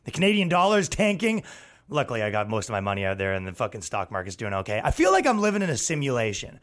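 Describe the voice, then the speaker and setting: A man hosting a podcast, ranting in a crude, sarcastic way and mocking others, swinging between loud outbursts and low asides. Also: huge pitch swings, quick pace. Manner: profane, sarcastic, mocking, with put-on voices for others. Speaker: podcast host and stand-up comedian. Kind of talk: casual ranting monologue.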